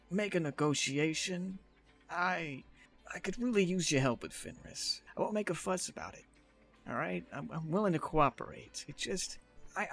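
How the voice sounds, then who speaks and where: A man's voice: a little high, fairly bright tone, slightly rough. Stammering man pleading in a tabletop game. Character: nervous one-eyed man with a cane. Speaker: player. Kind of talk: playing a tabletop game in character.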